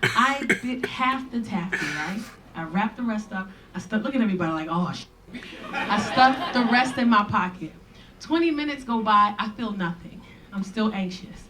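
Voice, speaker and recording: A woman comedian telling a profane, animated stand-up story to a live audience. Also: medium pitch, normal speed, far from the mic, a little hiss or hum, low-quality recording. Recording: stage recording with loud crowd. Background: audience laughter.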